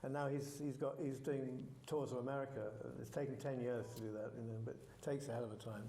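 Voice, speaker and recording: Older guy, soft dark voice, umming and rambling, roomy cinema sound. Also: mid-range voice, fairly even intonation, slight background noise. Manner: halting, rambling, with fillers. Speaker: filmmaker guest at a Q&A. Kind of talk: casual Q&A answers. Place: cinema auditorium Q&A.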